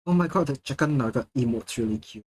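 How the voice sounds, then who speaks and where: A man's voice: mid-range voice, expressive, fast, darkish tone, slight background noise. Man, streamer, casual chat, playful and jokey, laughs a lot, talks between bites. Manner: speaking between bites of food.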